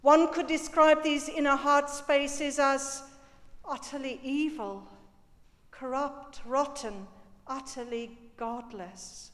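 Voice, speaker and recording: A woman preaching a sermon in a slow, measured, reflective way, lingering on key words. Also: high voice, steady tone, fairly bright tone. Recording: reverberant church hall.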